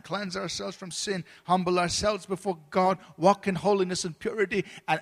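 A man preaching a sermon as pastor at a church service, earnest, with restarts and repeated words. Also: high-pitched. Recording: long hall reverb.

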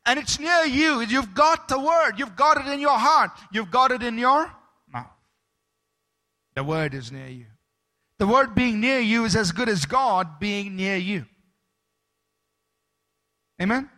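A man's voice: extremely high pitch, unhurried, sharp tone. A man preaching a sermon as pastor, emphatic, stopping to ask the congregation for amens.

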